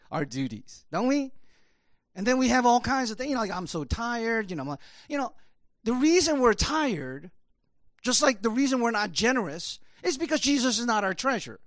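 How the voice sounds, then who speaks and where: A man's voice: very high-pitched, a bit bright, no echo, studio quality. A man preaching a conversational sermon, rambling with many fillers. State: choked up, emotional. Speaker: pastor.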